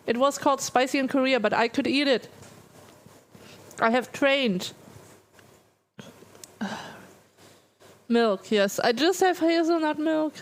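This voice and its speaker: A woman's voice: high-pitched, low-quality recording. A woman streamer chatting casually on a live stream, talking through a burning, aching mouth that slurs her words. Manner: pained, slurred talk from a burning mouth. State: mouth in pain from spicy food.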